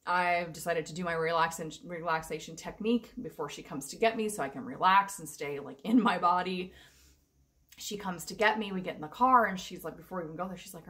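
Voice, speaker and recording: A woman's voice: on the low side, a bit bright. A young adult woman telling her personal story in a casual, rambling, emotional vlog. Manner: chatty, rambling, emotional, with frequent fillers and laughs. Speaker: vlogger.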